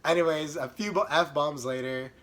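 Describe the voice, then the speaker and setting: A young man telling a comic storytime about himself in an animated, self-mocking way. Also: a little high, moderate pace. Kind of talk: comedic storytime.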